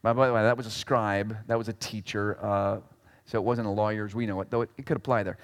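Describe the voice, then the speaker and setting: A male pastor preaching a sermon in an animated way. He swings between loud exclamations and quiet asides and slips in jokes. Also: lowish voice, fast talker, big-room sound.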